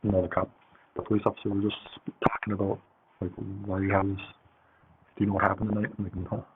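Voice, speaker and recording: This man tells a meandering, casual story packed with filler words and profanity. He speaks fast in a low, level tone, and the audio sounds tinny and phone-like with faint hiss.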